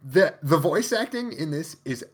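A man's voice: on the high side, lively intonation, moderate pace, slightly rough. A man co-hosting a podcast, ranting animatedly in casual review chat, swearing and laughing often. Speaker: podcast co-host.

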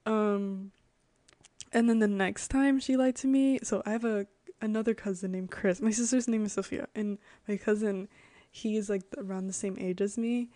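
A woman's voice: medium pitch, steady tone, normal speed, mellow, no room sound. A young woman from Connecticut, hosting a podcast and rambling through childhood stories with lots of "like" and giggles. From Connecticut, USA. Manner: chatty, rambling, full of "like" fillers and giggles. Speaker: podcast host. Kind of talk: casual storytelling.

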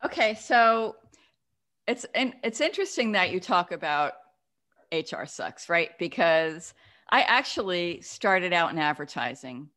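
A woman author being interviewed, telling stories in an animated way and often checking in with "okay?". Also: on the low side, measured pace. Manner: animated storyteller, often tags lines with "okay?". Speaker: guest author and cartoonist. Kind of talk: casual interview storytelling.

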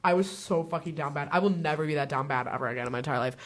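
A young woman co-hosting a casual chat podcast, animated and swearing casually as she acts out quotes. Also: deep voice, racing. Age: young adult. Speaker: podcast co-host.

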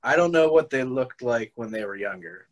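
A man's voice: medium pitch, expressive, normal speed, a little hiss or hum, poor audio. A man hosting a podcast, chatting casually in a rambling, profane way with many restarts. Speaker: podcast host. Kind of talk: casual chat.

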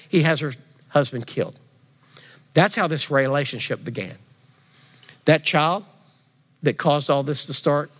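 A male pastor preaching a sermon, with animated swings from loud emphasis to quiet intensity. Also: a little high. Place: church sanctuary. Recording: long hall reverb.

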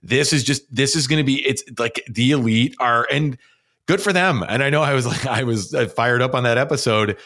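A man co-hosting a podcast, chatting in an excitable, rambling way with lots of fillers. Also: mid-range voice, brisk. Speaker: podcast co-host. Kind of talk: casual chat.

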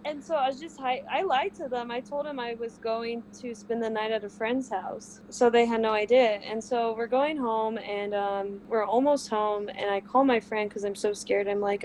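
A woman's voice: a little high, fairly even intonation, moderate pace, few pauses, darkish tone, slight background noise, poor audio. A woman guest casually telling a personal story with lots of "like" fillers.

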